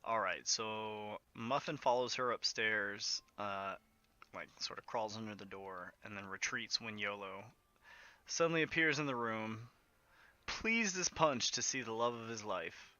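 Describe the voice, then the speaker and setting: A man's voice: lowish voice, a little slow, sharp tone, dry recording. A man narrating as game master in a casual way, with plenty of fillers. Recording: muffled lo-fi audio.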